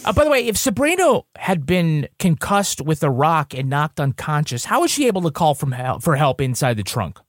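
A man's voice: fairly high pitch, very animated, moderate pace, hardly any pauses, dry recording. A man co-hosting a podcast, recapping a TV episode with dry, sarcastic plot summaries. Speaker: podcast co-host. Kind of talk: casual chat recapping a TV episode.

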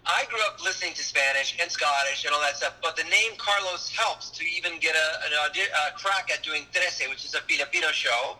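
Voice actor dude chatting, super bright tone, kinda high, sounds like a phone call. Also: male voice, fairly quick, few pauses. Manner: animated, slips into character voices and Spanish. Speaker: voice actor guest. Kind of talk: casual interview talk.

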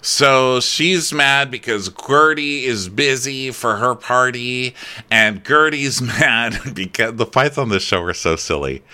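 A man co-hosting a casual show recap, gossipy and animated, often slipping into mocking impressions. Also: mid-range voice, slow pace, smooth. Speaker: podcast co-host.

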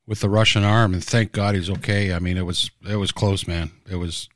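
A man's voice: deep voice, steady tone, fairly quick, dry recording. A man casually recalling how his TV series was made, blunt and swearing freely as he tells the stories. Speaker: TV series creator. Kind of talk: casual reminiscing chat.

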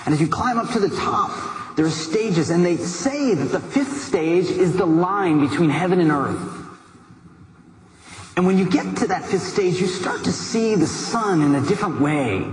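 High-voiced man telling a story. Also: a little slow. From United States. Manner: lively, conversational storytelling with asides to the listener. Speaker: motivational speaker. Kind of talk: motivational storytelling speech. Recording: echoey hall with background noise.

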